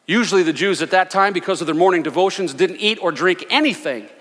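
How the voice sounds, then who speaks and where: A male senior pastor preaching a sermon with passion, swinging between loud, fervent declarations and hushed asides. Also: high voice, fast, in a large hall. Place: church sanctuary.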